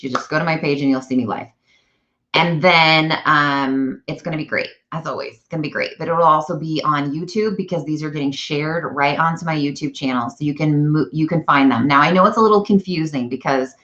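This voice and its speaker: A woman chatting casually on a live stream, animated and self-correcting as she talks. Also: deep voice. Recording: dull lo-fi live-stream audio.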